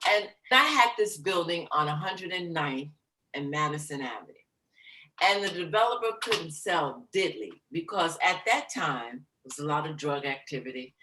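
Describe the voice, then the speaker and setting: A woman jazz singer being interviewed, telling her stories with lively, theatrical flair and acting out the quotes. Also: fairly low pitch. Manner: animated, theatrical storyteller who acts out quotes. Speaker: guest, jazz vocalist. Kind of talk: casual storytelling interview. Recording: roomy echo.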